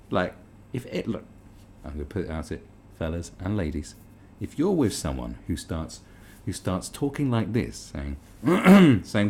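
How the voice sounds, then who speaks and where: A man's voice: low voice, huge pitch swings, measured pace, dark tone, slight background noise. A British man ranting in disbelief as he reads and reacts to an article, swearing often. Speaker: commentary host. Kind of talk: reaction commentary.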